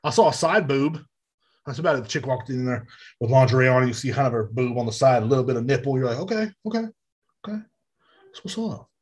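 A man hosting a podcast, ranting with loud, profane exasperation in a comedic monologue. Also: mid-range voice, fairly even intonation, fast talker, husky. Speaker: podcast host. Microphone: podcast mic.

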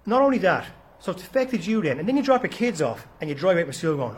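A man's voice: high voice, very animated, quick pace. A middle-aged father talking casually about mindfulness, blunt and swearing freely, acting out his own road rage in a raised voice. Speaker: mindfulness talk host. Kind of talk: casual spoken monologue.

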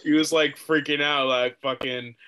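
A man's voice: on the high side, fairly even intonation, moderate pace, bright, forceful tone. A man chiming in and agreeing during a casual film discussion.

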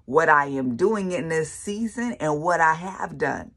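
A woman's voice: low voice, expressive, unhurried, hardly any pauses, a bit bright. A woman preaching her personal faith testimony in a casual, colloquial way, emphatic and repeating phrases for effect. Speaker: faith speaker sharing testimony.

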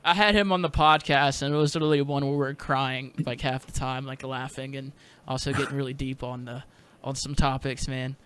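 A man's voice: mid-range voice, fairly even intonation, brisk, fairly bright tone, smooth. A man hosting a podcast, chatting in a hyped, slangy way, full of dude and bro. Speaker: podcast host. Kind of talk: casual podcast chat.

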